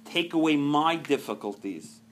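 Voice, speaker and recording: A man leading a recovery group meeting, talking earnestly and swinging from soft, quiet stretches to loud, emphatic ones. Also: a little high, lively intonation, unhurried, a little hiss or hum.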